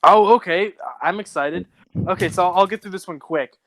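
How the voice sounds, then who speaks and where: Young dude rambling through a funny story on a podcast, voice sits a bit high, super dry sound. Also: male voice, a little fast, fairly bright tone, dry recording, poor audio. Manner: rambling, laughs at his own stories. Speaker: podcast co-host. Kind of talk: casual storytelling chat.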